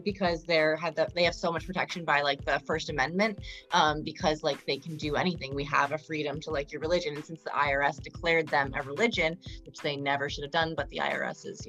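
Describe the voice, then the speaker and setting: A woman's voice: low voice, fairly bright tone. A young woman co-hosting a podcast in casual, rambling chat, full of fillers and crude jokes. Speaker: podcast co-host.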